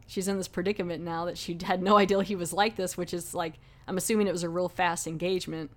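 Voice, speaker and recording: A woman's voice: lowish voice, steady tone, quick pace. A woman hosting a podcast, casually reviewing a horror film in a rambling, chatty way. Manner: rambling, chatty, lots of "like" fillers. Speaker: podcast host.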